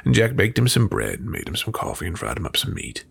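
A man's voice: lowish voice, big pitch swings, fast talker, gravelly, fairly bright tone, breathy edge. A man hosting a folklore show, telling a folktale in a folksy storytelling manner and then reviewing a book. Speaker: folklore podcast host.

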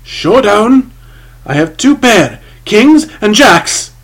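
A man's voice: on the high side, sing-song, unhurried, a bit bright, breathy edge, voice pushed up, exaggerated voice. A man voicing a weak, ridiculous, nervous card player with choked, raised exclamations in an audiobook. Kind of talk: audiobook character reading.

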